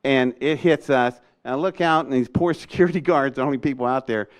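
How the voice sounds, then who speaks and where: Older male storyteller, animated and chatty, laughs his way through the tale, mid-pitched. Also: a little fast. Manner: lively, laughs often, acts out quoted people. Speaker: speaker recounting a rocket test.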